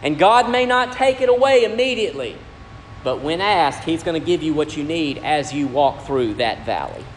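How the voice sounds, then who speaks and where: A man preaches a sermon in a church hall, his voice sitting a bit high. He swings between raised, ringing lines and quiet, hushed ones. Long reverb trails every phrase over a faint room hum. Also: expressive, moderate pace. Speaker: pastor.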